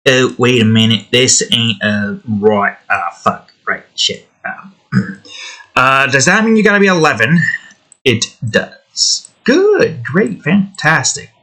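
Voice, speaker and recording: Bright-voiced man rambling while building a game. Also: medium pitch, animated, takes it slowly. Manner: rambling, swears, talks to the objects he edits; jokingly puts on a redneck drawl. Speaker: hobby game developer.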